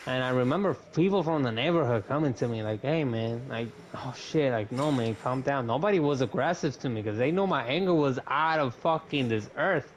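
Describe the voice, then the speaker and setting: A man's voice: mid-range voice, brisk, few pauses. A young man on a podcast, telling a story casually, swearing often and acting out what people said. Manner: animated, swears often, acts out quotes. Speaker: podcast co-host. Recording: dull lo-fi mic with faint noise.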